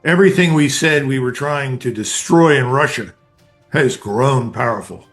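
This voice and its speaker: A man's voice: mid-range voice, moderate pace, a bit bright, soft background music. Blunt older man giving emphatic analysis. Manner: blunt, emphatic, speaks in short declarative bursts. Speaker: guest commentator, retired army colonel. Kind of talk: conversational interview analysis.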